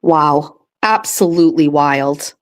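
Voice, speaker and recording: A woman's voice: low voice, slow. A woman hosting her own show, ranting angrily and with profanity about a political campaign from a home setup. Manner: angry, profane, heated ranting. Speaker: host.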